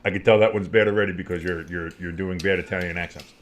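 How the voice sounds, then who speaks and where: A man's voice: low-pitched, fairly even intonation, fast talker. A man co-hosting a casual sports podcast, playful and teasing, often slipping into goofy voices. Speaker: co-host.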